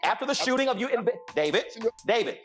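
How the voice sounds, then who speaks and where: A man's voice: very high voice, expressive, fast talker, fairly bright tone, soft background music. A man hosting a debate, pressing his guest with pointed questions and insistently repeating the guest's name to cut in. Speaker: debate show host.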